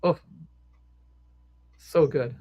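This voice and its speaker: A woman hosts a casual conversation. She responds to her guest with warm appreciation. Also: drawn-out words. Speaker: host. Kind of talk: casual interview.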